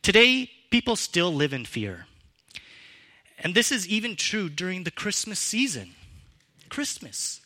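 A man delivers a sermon from the pulpit, bright and forceful in tone. He speaks slowly and deliberately. His pitch swings widely for emphasis, and his voice grows louder and softer as he drives each point home. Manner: expressive, varies pitch and loudness for emphasis. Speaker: pastor.

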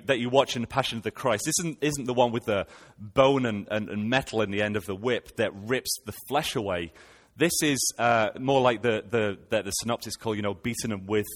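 A man's voice: mid-range voice, fairly bright tone, long reverb tail. A man preaching a sermon, retelling scripture and posing rhetorical questions to his listeners.

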